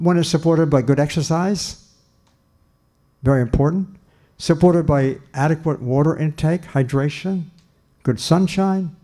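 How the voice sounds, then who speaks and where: A man's voice: on the high side, warm tone. An older man giving a lecture on nutrition in an earnest, emphatic way, often restarting his sentences. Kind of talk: lecture talk.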